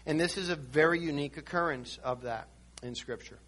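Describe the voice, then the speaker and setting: Male preacher, high and bright, teaching sermon, emphatic, restarts often. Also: fairly quick. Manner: reads and explains scripture verse by verse.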